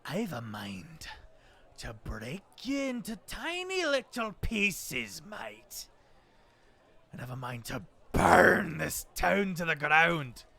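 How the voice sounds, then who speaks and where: A man voicing a huge, aggressive male dwarf lord who speaks in a booming, overloud way. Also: huge pitch swings, takes it slowly, bright, forceful tone, breathy edge, full character voice. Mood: threatening.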